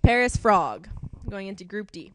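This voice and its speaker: A woman's voice: medium pitch, expressive, moderate pace, fairly bright tone, slight background noise. A young woman presenting a sports group draw in a casual, chatty way, laughing often between team names. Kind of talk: casual live announcing.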